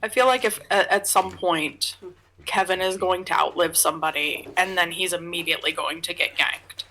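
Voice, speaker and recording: A woman's voice: lowish voice, moderate pace, pushed and bright, slight background noise, poor audio. A woman playing in a casual tabletop game, bantering bluntly with her friends. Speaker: player.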